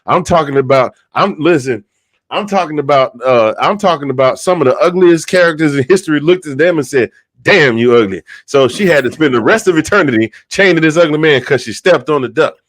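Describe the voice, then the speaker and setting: A man on a football roundtable show telling a long comedic story, animated and rambling, repeating himself for effect. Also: a little high, a little fast, no echo. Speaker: regular segment host telling a joke.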